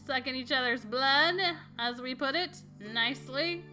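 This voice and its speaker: A sarcastic teenage daughter teases her dad in a dry, knowing way, as a woman reads her part. The voice is bright and fairly high, with soft music in the background. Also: measured pace. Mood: teasing. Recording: faint music behind.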